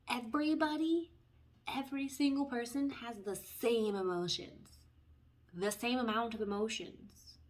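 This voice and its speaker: A woman giving a casual spoken tarot reading, chatty and drifting into tangents, her voice rising and dropping in loudness. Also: on the high side. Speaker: tarot reader.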